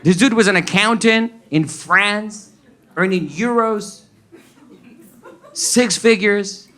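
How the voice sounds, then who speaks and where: Playful Colombian-accented comedian. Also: male voice, sits high, slow, a bit bright. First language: Spanish. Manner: playful, switches languages mid-sentence. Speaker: stand-up comedian. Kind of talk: stand-up comedy set. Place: comedy club stage. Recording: live show with audience noise.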